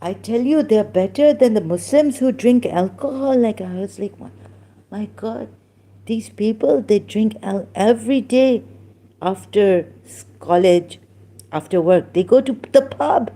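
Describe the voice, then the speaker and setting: A woman from Pakistan haltingly tells a personal story, full of restarts and fillers and the odd Urdu phrase. Her voice is medium in pitch with a dark tone.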